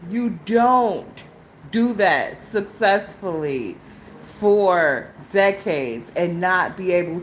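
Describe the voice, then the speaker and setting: A middle-aged woman, hosting a solo live podcast and telling a story with animation, swinging between low mocking quotes and high indignant outbursts. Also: slight background noise, low-quality recording. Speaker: podcast host.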